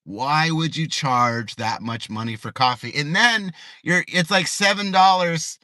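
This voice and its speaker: A man's voice: a little high, unhurried, pushed and bright, no room sound. Brief: middle-aged man, ranting livestreamer, tense, dry car sound. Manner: ranting, repetitive rhetorical questions. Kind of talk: casual livestream rant. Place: parked car in a parking lot.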